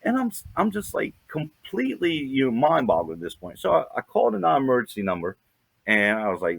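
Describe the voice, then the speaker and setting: A man's voice: medium pitch, wildly swooping pitch, a little fast, vocal fry, breathy edge, dry recording. A man co-hosting a podcast, telling a rambling story full of "you know" fillers. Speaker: podcast co-host. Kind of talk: casual storytelling.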